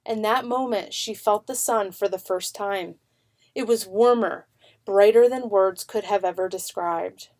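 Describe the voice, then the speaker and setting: A woman narrating a children's picture book in an unhurried, expressive way. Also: mid-range voice.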